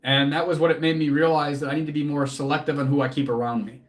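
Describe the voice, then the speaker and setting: A man's voice: on the high side, level tone, fast talker. A man hosting a casual livestream as a fitness coach, answering chat in an earnest, motivational way, casually swearing and close to tears.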